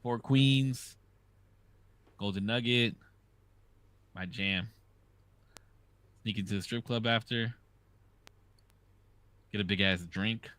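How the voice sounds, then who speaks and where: A man's voice: lowish voice, steady tone, slow pace, long pauses, fairly bright tone, no echo. A man hosting a podcast, telling gambling stories in a loose, profane, casual way. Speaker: podcast host. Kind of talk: casual chat.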